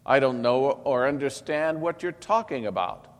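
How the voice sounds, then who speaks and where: A man's voice: medium pitch, lively intonation, normal speed, pitched above the performer's own voice, close to an everyday voice. A man voicing a frightened disciple who denies things emphatically and defensively. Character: frightened fisherman disciple denying, adult man. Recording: long hall reverb.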